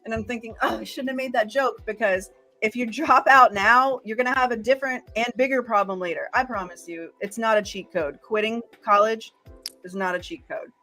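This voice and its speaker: A woman's voice: a little high, normal speed, bright, forceful tone, faint music behind. A woman co-hosting a casual college library live stream, playful and teasing. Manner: playful, laughs often, teasing.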